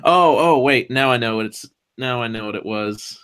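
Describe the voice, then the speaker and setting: A man's voice: mid-range voice, moderate pace, a bit bright, smooth. A man chatting casually on a stream, hesitant and full of restarts. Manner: hesitant, many ums and restarts. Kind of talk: casual chat.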